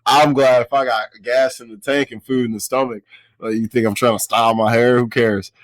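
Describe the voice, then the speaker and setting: A man co-hosting a film review podcast, chatting casually in a laid-back, slangy way and acting out scenes with quick put-on voices. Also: medium pitch, level tone, no echo. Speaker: podcast co-host.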